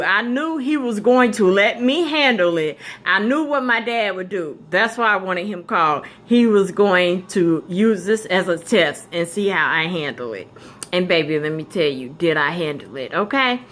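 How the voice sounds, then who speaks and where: A woman's voice: medium pitch, a bit bright. A woman vlogger telling a story in casual chat. She is blunt and emphatic, with profanity in her talk.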